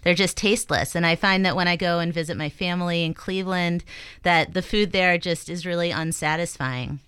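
A woman with a slightly low, very clear voice is interviewed in a radio studio about gardening. She talks thoughtfully, pausing with ums and restarting sentences. The recording is dry and close. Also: fairly bright tone, dry recording. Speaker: guest gardening educator. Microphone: studio microphone.

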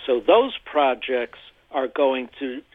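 A man's voice: medium pitch, sing-song, no room sound. Man talking on a tinny phone line. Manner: halting, repeats words while thinking. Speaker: interview guest, energy commentator. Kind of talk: phone-in radio interview.

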